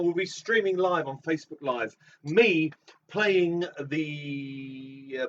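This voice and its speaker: A man's voice: fairly high pitch, fairly bright tone. A man co-hosting a live show, chatting in a teasing way and explaining things loosely. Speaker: co-host and game streamer. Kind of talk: casual chat. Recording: distant, dull, faintly noisy.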